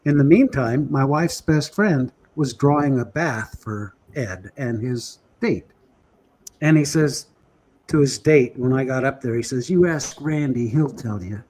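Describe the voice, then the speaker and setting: A male guest telling an anecdote in an animated, chuckling way. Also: medium pitch, measured pace. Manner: lively, chuckling, breathless storytelling.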